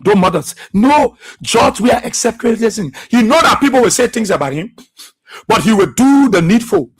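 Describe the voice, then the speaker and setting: Radio talk host, Liberian man, husky edge, fervent and preachy monologue. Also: extremely high pitch, animated, moderate pace. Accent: Liberian English. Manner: impassioned, repetitive, preachy. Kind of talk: political commentary monologue.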